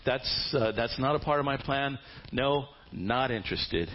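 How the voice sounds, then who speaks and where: A man's voice: medium pitch, measured pace, close to an everyday voice. A greedy, self-interested male relative answers bluntly and casually, as a man acts him out. The recording is dull and lo-fi.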